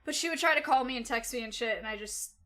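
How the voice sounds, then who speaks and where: A woman's voice: on the high side, quick pace, sharp tone. A young adult woman livestreaming, telling a personal story to her chat in a rambling, casual way, with lots of "like" and swearing. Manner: rambling, loose and swearing, full of "like".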